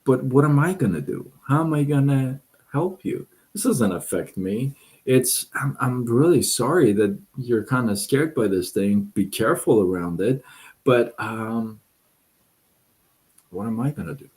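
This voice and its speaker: Man voicing a sympathetic unhelpful cow, polite, slow. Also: mid-range voice, expressive, darkish tone, close to an everyday voice. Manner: polite, sympathetic yet unwilling to help.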